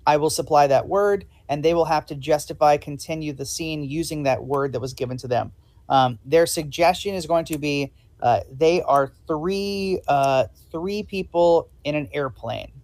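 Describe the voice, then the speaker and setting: A man's voice: a little high, normal speed, darkish tone. A man hosting a live improv show and playing a polite, hesitant casting director. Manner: polite, hesitant with many ums.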